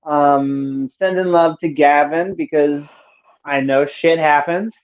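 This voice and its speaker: Woman podcast co-host: playful and teasing, with sudden squeaky outbursts and a muffled lo-fi sound. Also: slow pace. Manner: playful, jokey, bursts into silly high squeals. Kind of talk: casual podcast chat. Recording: dull lo-fi audio.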